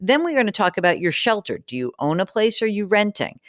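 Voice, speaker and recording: Speaking fast and with lots of animation, this woman's medium-pitched voice comes through in echo-free studio quality. She hosts a personal finance podcast, working through listener letters with frank, chatty, teasing advice.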